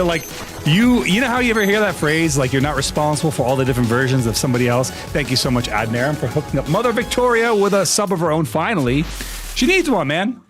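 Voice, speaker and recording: A young man streams live and rants at his viewers in mock anger, swearing freely and laughing between lines. His voice sits high and swoops all over the place. Soft music plays faintly underneath. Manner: exasperated, swearing, laughing at chat.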